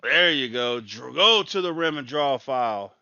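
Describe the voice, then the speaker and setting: A man's voice: mid-range voice, expressive, measured pace, pushed and bright, smooth, no echo, highs cut off. A man ranting in exasperation as he reacts live to a college basketball game, repeating his complaints. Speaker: sports talk host.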